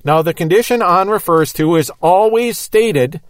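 A man teaches the Bible in an emphatic, methodical manner. His voice sits a little high for a man and sounds dry and close, with no room echo around it. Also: moderate pace.

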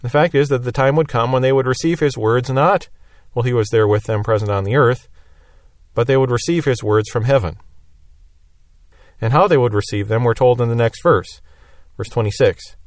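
A man's voice: mid-range voice, normal speed, dry recording, clean studio sound. A man teaching a Bible lesson verse by verse, explaining plainly and repeating key phrases.

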